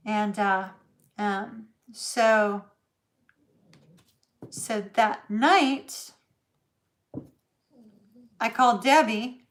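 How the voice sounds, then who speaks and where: A woman's voice: mid-range voice, fairly even intonation, very slow, long pauses. A middle-aged woman, telling a story in a chatty livestream, laughing often and using lots of fillers. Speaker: tarot reader host.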